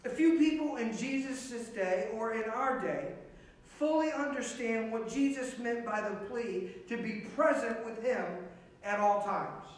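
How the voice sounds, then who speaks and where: A man's voice: very high-pitched, measured pace, very echoey, far from the mic, low-quality recording. A man preaching a sermon as pastor, earnest and emphatic, repeating key phrases.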